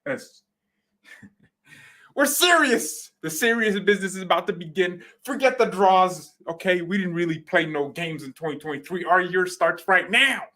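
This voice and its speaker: A man hosting a football fan channel, talking in an excited, joking way and sometimes shouting. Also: sits high, brisk, few pauses. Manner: hyped and joking, shouting at times. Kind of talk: excited casual commentary.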